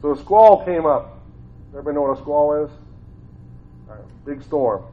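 A man's voice: a little high, lively intonation, normal speed. A man from Ohio, a former school teacher, gives an informal Bible talk in a conversational way and often repeats his phrases. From Ohio, United States. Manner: conversational, repeats phrases, grows more fervent. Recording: tinny phone-like sound.

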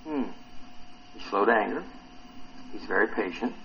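A man's voice: on the low side, normal speed, vocal fry, muffled recording, a little hiss or hum. A man preaching a sermon to a congregation, asking them questions and acting out the quotes he reads. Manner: animated, asks the congregation questions, acts out quotes.

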